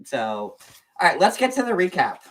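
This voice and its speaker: A man's voice: high voice, wildly swooping pitch, normal speed, a bit bright, far from the mic. A man hosting a casual gossip livestream, talking in a chatty, meandering way with lots of fillers. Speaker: show host.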